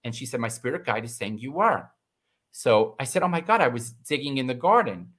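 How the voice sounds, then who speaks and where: A middle-aged man telling a personal story in casual conversation, animated and acting out the voices of the people in it. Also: brisk. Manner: animated, acts out quoted voices with big pitch jumps. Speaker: guest.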